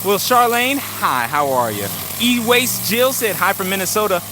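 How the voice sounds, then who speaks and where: Middle-aged man, slightly high voice, easygoing rambling live-stream chat, handheld phone, outdoor traffic noise. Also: lively intonation, normal speed. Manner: easygoing, rambling with many fillers, greets viewers. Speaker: channel host. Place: outdoors in a yard.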